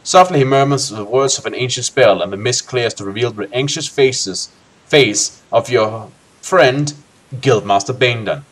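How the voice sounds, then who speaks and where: A man's voice: mid-range voice, unhurried. A man hosting a co-op game session, reading a gamebook aloud expressively and tossing in joking asides. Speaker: let's play host.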